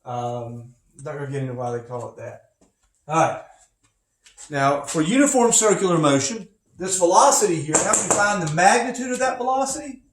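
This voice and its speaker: A man's voice: a little high, normal speed. A man teaching physics from home, talking casually and rambling into asides. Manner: rambling, chatty, with many asides. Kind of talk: casual recorded lecture. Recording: echoey room, faint noise.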